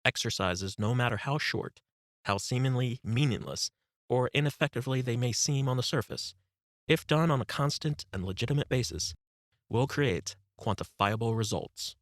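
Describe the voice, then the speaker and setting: A man narrating a self-help audiobook as a meditation guide, giving calm, instructive breathing cues close to the mic. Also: mid-range voice, moderate pace, no echo.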